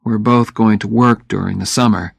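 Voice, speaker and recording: A man reading a story aloud for English learners, slow and deliberate. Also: lowish voice, fairly even intonation, creaky, husky, no room sound, clean studio sound. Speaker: narrator. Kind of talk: graded-reader audiobook narration.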